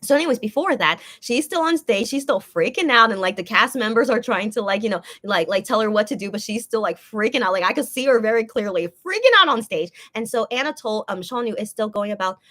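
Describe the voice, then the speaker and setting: A woman's voice: fairly high pitch, lively intonation, quick pace, few pauses, a bit bright. A woman casually recapping a musical performance she saw, rambling with lots of fillers and restarts. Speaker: musical theater fan reviewing a show. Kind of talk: casual spoken review.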